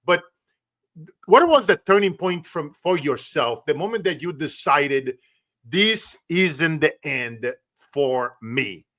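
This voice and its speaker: A man's voice: on the high side, expressive, slow pace, bright, forceful tone. Male host. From Brazil. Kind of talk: casual interview chat.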